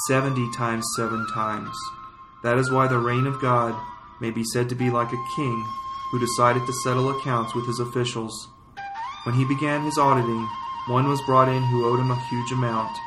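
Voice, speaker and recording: A man reading scripture and prayers as a liturgical reader, in solemn, measured phrases. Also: medium pitch. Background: flute music.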